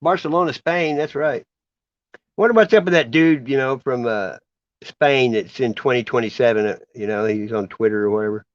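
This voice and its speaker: A man's voice: medium pitch, moderate pace, no room sound. A man hosting a casual chat, laid-back and rambling. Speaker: host. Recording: dry dull lo-fi sound.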